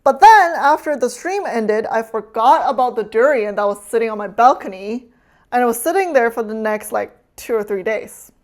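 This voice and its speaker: Woman streamer yapping casually while cooking, teasing chat, kinda high voice. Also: animated, moderate pace, a little mellow. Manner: chatty, teasing, laughs often.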